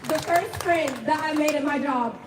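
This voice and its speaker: A woman's voice: high voice, normal speed. A woman giving a nervous but fiery speech at an outdoor protest, often asking the crowd "all right?". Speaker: protest speaker. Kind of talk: impassioned rally speech. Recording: echoey, distant, loud crowd and street noise.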